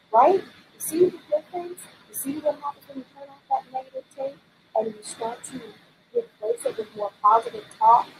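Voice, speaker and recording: A woman's voice: sits high, very animated, a little fast, creaky, slight background noise, low-quality recording. Upbeat woman giving a motivational talk. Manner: upbeat, encouraging, repeats key phrases for emphasis; faith-based affirmations. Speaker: leadership coach.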